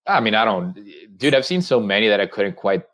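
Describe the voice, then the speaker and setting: A man's voice: fairly low pitch, very animated, fairly quick, a bit bright. A young man rambling through a casual podcast chat with friends, full of fillers and restarts. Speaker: podcast co-host. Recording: muffled lo-fi mic.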